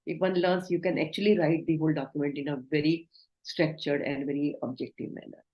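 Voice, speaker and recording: A woman's voice: low-pitched, fairly even intonation, fairly quick, highs cut off. A woman giving an online training lecture, instructive and asking the class questions. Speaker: communication trainer. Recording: roomy echo.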